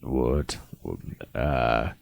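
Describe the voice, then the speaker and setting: A man's voice: a bass voice, fairly even intonation, extremely slow, creaky, no room sound. A man playing a tabletop game, amused and laughing along. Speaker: player. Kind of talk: casual tabletop chat.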